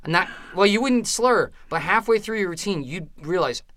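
Casting note: middle-aged male stand-up comic, tense bright tone, animated storyteller who keeps checking in with "right?". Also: sits high, normal speed, a little hiss or hum. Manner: animated, rambling anecdotes with frequent "right?" and "you know". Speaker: stand-up comedian and former comedy booker. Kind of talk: casual storytelling in an interview.

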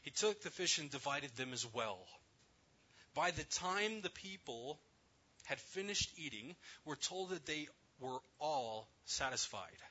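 A man preaches a sermon, telling the story with emphasis and sometimes sinking to a hushed near-whisper. His voice is bright and a little high, with a husky edge. The recording is dull and lo-fi. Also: expressive, measured pace. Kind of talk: sermon on a scripture passage.

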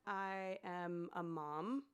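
A woman's voice: on the low side, extremely slow, clean tone. A woman who teaches preschool, co-hosting a podcast in casual chat full of fillers. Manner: chatty, many fillers, acts out story voices.

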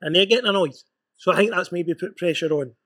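A man's voice: high-pitched, quick pace, a bit bright. A Scottish man, a former footballer hosting a casual chat, talking in a reflective, supportive way. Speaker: podcast host, former footballer.

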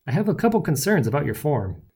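A man's voice: on the high side, big pitch swings, fast talker, a little mellow, husky, voice pushed up, heavily acted. A man voicing a cocky, playful male superhero in an audiobook, mocking and theatrical. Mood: amused. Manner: mocking, showy, unbothered. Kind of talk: audiobook character voice.

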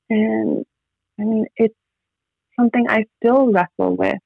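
A woman's voice: a little high, fairly even intonation, measured pace, gravelly, long pauses, dry recording. A woman in her thirties, a podcast guest telling personal stories in a rambling way, full of "like" fillers. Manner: rambling, heavy use of "like" fillers. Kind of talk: casual personal storytelling. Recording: tinny phone-like line, dry.

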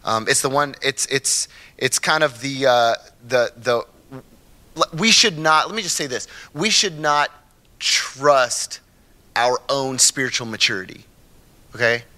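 A man's voice: medium pitch, normal speed. A man preaching a casual, conversational sermon as pastor, often checking in with his listeners and acting out the people in his stories. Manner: animated storytelling, acts out quotes; frequent tag questions like "right?" and "okay?". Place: church.

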